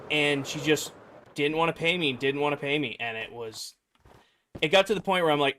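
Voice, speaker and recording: A man's voice: fairly high pitch, moderate pace, a little hiss or hum. A young man streaming, rambling through a personal story for his chat and acting out the voices of the people in it. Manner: rambling, animated, acts out quoted voices.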